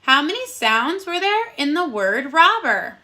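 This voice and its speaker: A woman teaching a recorded phonics lesson to young children, encouraging them and sounding out words slowly and clearly. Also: high voice, very animated, bright, forceful tone. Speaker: first grade teacher.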